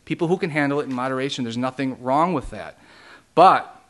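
A man's voice: medium pitch, brisk, fairly bright tone. A man pastor teaching a Bible study in a plain, conversational way, explaining each term one by one.

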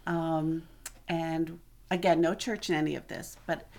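A woman's voice: low voice, fairly even intonation, measured pace, darkish tone. A middle-aged woman telling her personal testimony to a church congregation in an earnest, conversational way. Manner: earnest, conversational storytelling that acts out quoted voices. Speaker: church member giving a testimony.

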